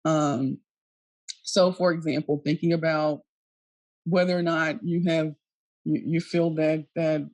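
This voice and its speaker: A woman lecturing at a neuroscience conference, earnest and halting, with frequent ums and restarts. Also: low-pitched, darkish tone, dry recording. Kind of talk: recorded conference talk.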